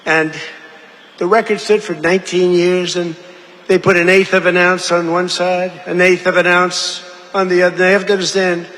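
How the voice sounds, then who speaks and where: A man's voice: high-pitched, little pitch movement, normal speed, a bit bright. A man giving a rambling, repetitive rally speech, drifting between asides and acting out other people's lines. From United States. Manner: repetitive, digressive, acts out quoted voices. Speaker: political rally speaker. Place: large rally venue. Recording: echoey amplified rally hall.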